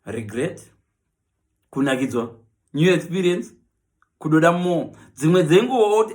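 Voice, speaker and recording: A man's voice: fairly high pitch, normal speed, pauses often. A man with a Zimbabwean accent doing a comic monologue, switching between Shona and English and acting out the people he talks about. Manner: animated, mixes Shona with English, acts out quoted voices. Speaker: comedian.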